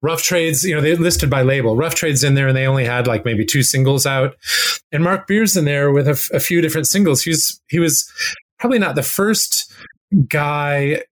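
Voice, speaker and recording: Animated storytelling man, slightly high voice. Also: moderate pace. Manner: animated, acts out quotes with rambling restarts. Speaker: guest music expert. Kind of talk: casual storytelling.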